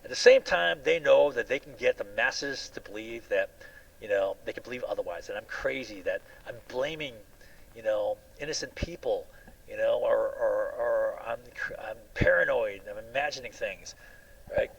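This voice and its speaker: Male monologue vlogger, mid pitch with a rough, creaky edge, aggrieved and repetitive, many restarts. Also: lively intonation, normal speed, a bit bright, poor audio. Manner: aggrieved, keeps asking "right?". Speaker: video blogger. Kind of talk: rambling personal monologue.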